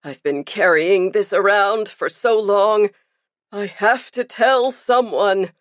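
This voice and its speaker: A woman's voice: mid-range voice, slow, dry recording, lo-fi sound, natural voice. A woman reading the part of a guilt-ridden, burly male pastor who confesses earnestly and pleads for himself. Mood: pleading.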